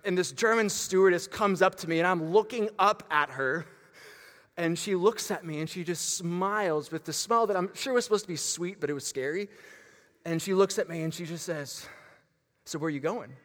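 Male pastor, lively storytelling sermon, slightly high voice, reverberant hall sound. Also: moderate pace. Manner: animated, with frequent fillers and restarts. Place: church gym.

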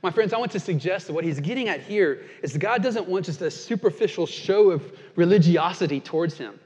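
A man pastor preaching a sermon, earnest and dynamic, slowing down for emphatic quotations and dropping soft and low at times. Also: expressive. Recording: dull sound with long reverb in a large hall.

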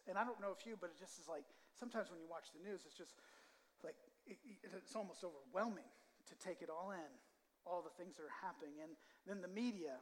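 A man's voice: high-pitched, big-room sound. A man preaching a sermon to his church, in a conversational way, often repeating words and asking the room "right?". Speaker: pastor. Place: church sanctuary.

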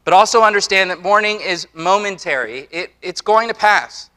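A man in his forties preaches to a congregation in an earnest, conversational way, doubling back on his words and dropping in casual asides. His voice sits high for a man, with a bright, forceful edge. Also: animated, moderate pace. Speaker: pastor. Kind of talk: sermon. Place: church before a congregation.

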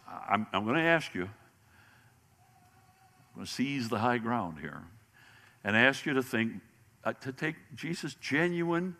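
A medium-pitched man teaches a Bible lesson in sermon style to an audience in a large hall, animated and often restarting his words. Long hall reverb trails his voice.

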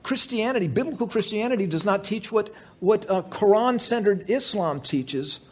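A man preaching a sermon to a live gathering, conversational and animated, with humorous asides and frequent restarts. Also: high voice, normal speed, husky. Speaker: pastor.

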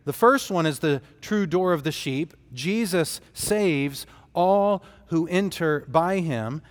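Slow, emphatic man preaching. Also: fairly high pitch, animated, in a large hall. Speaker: pastor. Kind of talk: sermon.

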